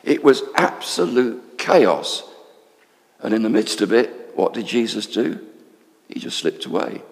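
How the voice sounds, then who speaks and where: A man playing an animated temple councillor. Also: lowish voice, unhurried, creaky, long reverb tail, full character voice. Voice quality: animated, confiding storytelling. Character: male temple council member confiding to a friend. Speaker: storyteller in character. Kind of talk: dramatic monologue.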